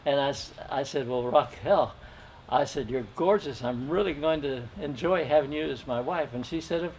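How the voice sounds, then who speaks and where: An older man telling a personal story at an open mic, gentle and folksy, chuckling now and then. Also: mid-range voice, normal speed, slight background noise.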